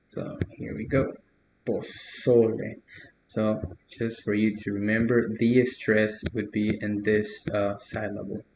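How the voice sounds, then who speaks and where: Slow, hesitant young man tutoring. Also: on the low side, reverberant, slight background noise. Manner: relaxed, hesitant, many fillers, soft laughs. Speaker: language tutor. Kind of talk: casual correction of a learner's post.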